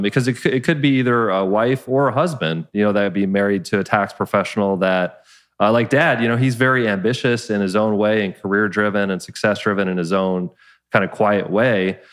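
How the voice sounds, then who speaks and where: A man's voice: lowish voice, fairly quick. A man hosting a podcast, asking his mother long, searching questions with many restarts. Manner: thoughtful, rambling questions with restarts. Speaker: podcast host. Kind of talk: interview questions.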